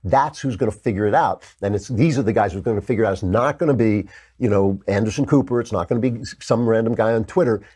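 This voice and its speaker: A man's voice: fast talker, mellow, breathy edge. An older man hosting a political commentary show, delivering a heated, sarcastic monologue. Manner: heated, sarcastic, mocks opponents in high whiny put-on voices.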